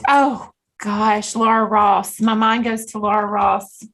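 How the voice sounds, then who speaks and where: A woman's voice: medium pitch, little pitch movement, slow, fairly bright tone. Teasing Southern woman co-host. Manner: friendly, teasing banter. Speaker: podcast co-host, school counselor. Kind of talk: casual chat.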